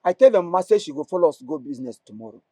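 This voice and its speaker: A man with a Nigerian accent acting a blind father in a comedy skit, loud and scolding. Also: on the high side, big pitch swings, rapid-fire, no echo.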